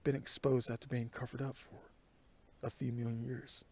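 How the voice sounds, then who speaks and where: A man's voice: medium pitch, level tone, normal speed, darkish tone, a little hiss or hum. A man vlogging outdoors on a wooded mountain road, talking to a handheld camera and often dropping into a whisper. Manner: rambling, often drops to a whisper. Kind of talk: outdoor hiking vlog.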